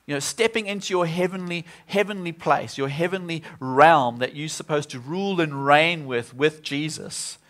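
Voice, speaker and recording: A man's voice: fairly high pitch, normal speed, hardly any pauses, fairly bright tone. A man preaching a sermon at a church service, earnest and often repeating himself as he restarts.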